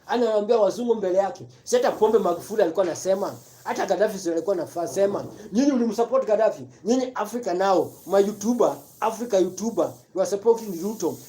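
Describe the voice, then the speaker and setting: Fired-up commentator, mellow voice. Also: mid-range voice. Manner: repetitive, emphatic, rhetorical questions. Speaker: live-stream commentator. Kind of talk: impassioned political rant mixing Swahili and English.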